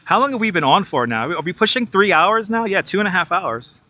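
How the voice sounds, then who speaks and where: Very animated and a little fast, this man's high voice sounds pushed and bright. Hailing from New York, he leads a casual live-streamed walking tour outdoors in a large city park on a wireless clip-on mic, chatting, reading viewers' comments, and laughing often.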